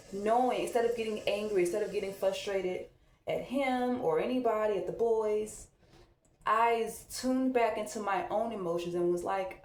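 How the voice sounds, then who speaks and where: A mom vlogger talks candidly and reflectively as she gets ready at home, in a loose, conversational get-ready-with-me chat. Her voice is mid-range and a little mellow, and the room sounds echoey.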